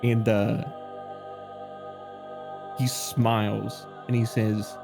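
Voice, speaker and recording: Man narrating slowly over music. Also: on the low side, creaky. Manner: slow, hesitant with fillers, animated. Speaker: player. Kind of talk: narrating his character at a tabletop game.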